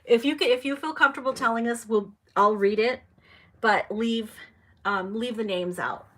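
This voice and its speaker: Young woman chatting on a livestream, reading comments out, reacting lively. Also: a little high, normal speed. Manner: chatty, reads viewer comments aloud, animated reactions. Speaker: livestream host. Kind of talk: casual live chat.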